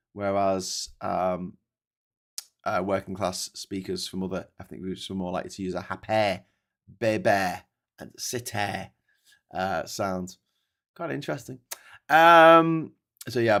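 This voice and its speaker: A man with a Scouse accent from Liverpool hosting a casual news commentary show, chatty and opinionated, with many fillers and restarts. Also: deep voice. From Liverpool, England. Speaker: host.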